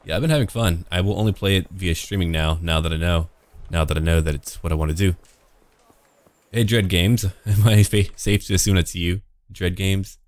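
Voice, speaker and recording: A man's voice: deep voice, fairly even intonation, moderate pace, no echo. A man streaming a video game, chatting casually with viewers and joking irreverently as he plays. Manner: joking, irreverent, talks to chat. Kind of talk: casual gameplay commentary.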